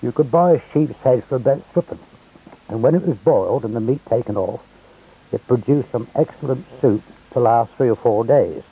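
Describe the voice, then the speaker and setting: A man's voice: medium pitch, moderate pace, dark tone, husky, rough recording. An elderly man from England narrating local history as wry, chatty anecdotes. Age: older. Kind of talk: storytelling reminiscence.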